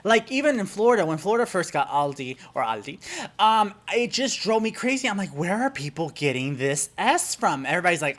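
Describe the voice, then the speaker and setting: A man from Germany, a YouTuber, giving a casual vlog lesson in a chatty, animated way that turns into exasperated pet-peeve ranting. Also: high-pitched, fairly quick.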